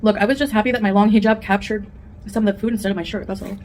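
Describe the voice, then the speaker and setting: A woman's voice: mid-range voice, fairly even intonation, rapid-fire, darkish tone, slight background noise. A woman vlogger chatting candidly at home while eating, rambling from one thought to the next in a casual mukbang. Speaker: food vlogger.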